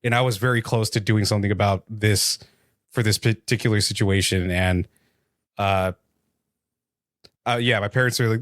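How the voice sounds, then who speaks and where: A man co-hosting a podcast, talking in a measured, frank way about his frustrations. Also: lowish voice, steady tone, fairly bright tone, dry recording, clean studio sound. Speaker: podcast co-host. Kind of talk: casual chat.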